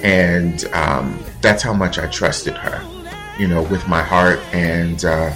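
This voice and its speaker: A man hosting his own show, talking in a reflective, heartfelt monologue with pauses and fillers. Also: sits low, fairly even intonation, over music. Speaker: podcast host.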